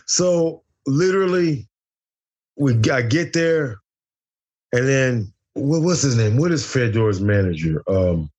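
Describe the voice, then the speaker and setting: A man's voice: mid-range voice, animated, slow, darkish tone, dull audio. A middle-aged American man telling a wild story as an interview guest, boisterous and profane, acting out the dialogue. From United States. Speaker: interview guest, former fighter.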